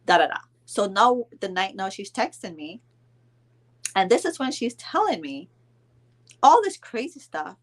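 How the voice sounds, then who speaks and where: Animated woman telling a heated story. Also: mid-range voice, measured pace, pauses often. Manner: animated, indignant retelling with quoted dialogue and mild cursing. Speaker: storyteller vlogger. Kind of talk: casual storytime vlog.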